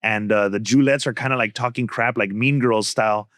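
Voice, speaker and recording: A young man, a comedian telling a story in a casual, animated way, full of slang. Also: on the low side, a little fast, dry recording, studio quality. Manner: animated, code-switching slang. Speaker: comedian guest.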